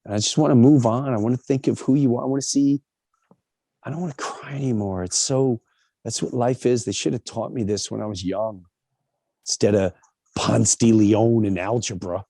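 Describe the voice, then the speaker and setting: A middle-aged man telling personal stories as an interview guest, animated and acting out other people's voices with big jumps in pitch. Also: normal speed, no echo.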